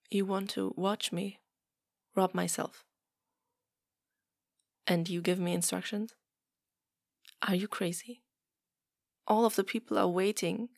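A woman's voice: mid-range voice, gravelly, no echo, clean studio sound. A woman in a whispered role-play, talking in a pleading, hesitant way that often drops to a whisper. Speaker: audio role-play performer.

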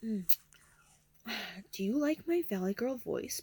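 A young woman in a whispered role-play, teasing and intimate. Her airy, hushed voice unhurriedly draws out each phrase. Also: fairly high pitch, big pitch swings, slow pace, vocal fry, husky, no echo.

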